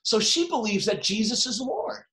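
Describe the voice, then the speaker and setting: A man preaching a sermon in a church, impassioned, rising to loud cries when he quotes the text. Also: sits high, expressive, moderate pace. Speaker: pastor.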